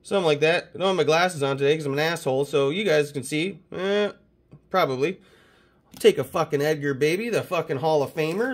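A man from Canada hosting a casual mail-day chat about his trading cards, excitable and swearing constantly. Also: a little high, fairly quick. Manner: profane, excitable hype talk. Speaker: card collecting channel host.

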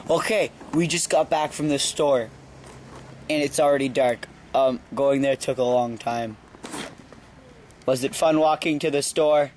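A teenage boy rambling through a goofy home-video comedy sketch, excitable and rambling. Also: medium pitch, measured pace. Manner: excitable, rambling, shouts when riled. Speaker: vlogger. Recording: faint background noise.

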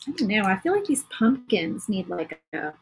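A woman's voice: mid-range voice, big pitch swings, normal speed, slight background noise, low-quality recording. A woman hosting a casual crafting livestream, chatting to viewers while she paints. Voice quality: very husky.

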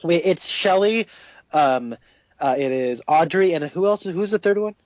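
A man's voice: fairly high pitch, measured pace, no room sound, dull audio. A young man co-hosting a casual podcast chat, offhand and mildly sardonic. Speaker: podcast co-host.

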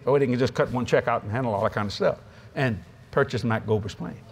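A male preacher telling humorous, folksy stories in a lively sermon. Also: mid-range voice, fast talker, husky. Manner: folksy, humorous, animated storytelling with many acted quotes. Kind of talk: sermon with storytelling.

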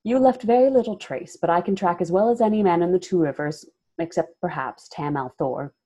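A woman voicing a proud young village wise woman who answers with sharp, indignant retorts. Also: on the low side, a little fast, natural voice. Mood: challenging.

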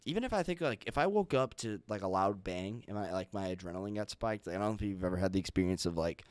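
A man's voice: lowish voice, lively intonation, fast, darkish tone, no room sound. A man hosting a podcast, rambling and blunt in casual chat, with frequent restarts. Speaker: podcast host.

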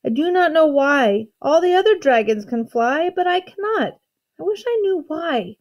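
A tearful young male dragon from a storybook, naive and gentle, pleading in a raised, wavering voice, put on by a woman reading aloud. He sniffles through his words, lifted a touch above ordinary talk. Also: fairly high pitch, animated, unhurried. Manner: sniffling, plaintive.

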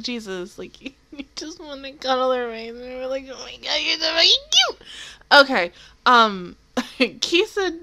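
A young woman giving casual, excitable reaction commentary, swearing freely and laughing often. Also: sits high. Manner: excitable, profane, laughs often, loud exclamations. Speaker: anime reaction video host.

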